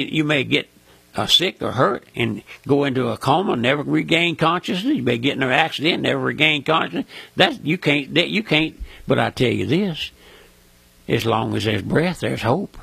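A man's voice: mid-range voice, creaky, a bit bright, breathy edge, no room sound. An older man with a Mississippi Southern accent, preaching a folksy, fervent radio sermon that is full of "my friend" and "listen".

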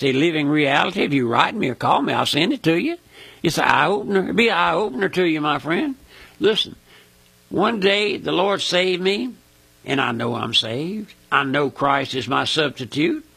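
A man's voice: fairly high pitch, gravelly, bright, forceful tone, breathy edge, no room sound. An older man with a Mississippi Southern accent, preaching a folksy, fervent radio sermon that is full of "my friend" and "listen".

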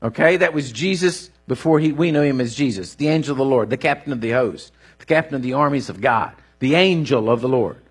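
A middle-aged man, preaching a sermon in an animated, folksy storytelling way with rising bursts and a husky voice. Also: mid-range voice, fairly quick, hardly any pauses. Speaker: pastor.

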